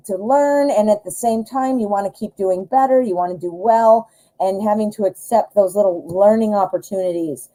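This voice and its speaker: A woman running a live tarot reading, her voice mellow and warm. She talks in a loose, chatty way, full of fillers, and gets giddy and excitable. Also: medium pitch, rough recording. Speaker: tarot reader hosting a live show.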